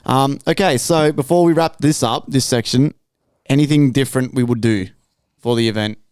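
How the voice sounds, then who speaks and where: A man's voice: medium pitch, normal speed, a little mellow, smooth, no echo, studio quality. A man hosting a podcast, telling stories in a blunt, swearing, casual way. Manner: blunt, profane storytelling. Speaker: podcast host.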